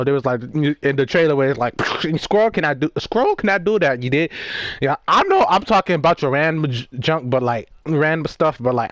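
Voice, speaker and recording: A man's voice: medium pitch, a bit bright, no echo. Teen guy around 19 rambling through a movie recap while gaming, laughs a lot, swears, dry close sound. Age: about 19. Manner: rambling, laughing, profane, many fillers. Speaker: gaming vlogger.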